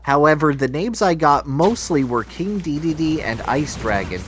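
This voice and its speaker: A man's voice: on the high side, lively intonation, a little slow, a little hiss or hum. A man playfully reading a comedic fan fiction aloud, breaking into character voices.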